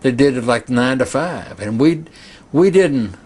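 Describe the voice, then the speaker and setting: A man's voice: medium pitch, lively intonation, unhurried, a little mellow, breathy edge. Casual, amused man reminiscing. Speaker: interviewee.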